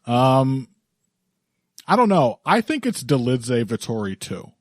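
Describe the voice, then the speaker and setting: A man's voice: mid-range voice, sing-song, slow, no room sound. Chuckling male podcast host, dry sound. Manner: laughs often, rambling with restarts. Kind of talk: casual podcast chat.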